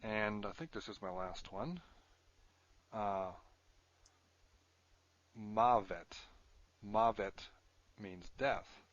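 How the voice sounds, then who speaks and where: A man's voice: fairly low pitch, takes it slowly, fairly bright tone, dull audio. A man teaching a recorded language lesson, explaining step by step, thinking aloud and correcting himself as he goes. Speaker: Hebrew teacher.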